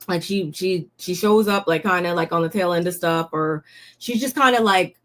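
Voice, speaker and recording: A woman's voice: lowish voice, normal speed, fairly bright tone. A young woman giving a casual, blunt recap of a reality show, talking in slang and often sounding fed up. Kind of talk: casual commentary.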